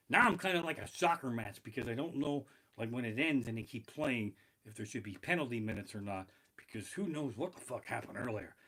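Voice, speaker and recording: A man doing a stand-up comedy rant from his living room on a basic home streaming setup, profane and exasperated, with loud outbursts. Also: mid-range voice, expressive, normal speed, poor audio.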